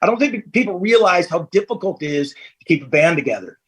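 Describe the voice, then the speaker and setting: Man, 50s, podcast guest, candid storyteller, raspy voice, fairly high. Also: expressive, fairly quick, low-quality recording. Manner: candid, storytelling, laughs easily. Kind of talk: casual interview chat. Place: at home, family nearby.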